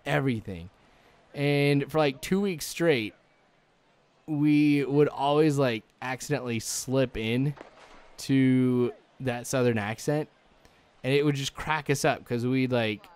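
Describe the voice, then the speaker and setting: A young gaming channel host with a smooth, mid-range voice rambles through chatty let's-play commentary. His talk is packed with likes and ums, and he chuckles now and then.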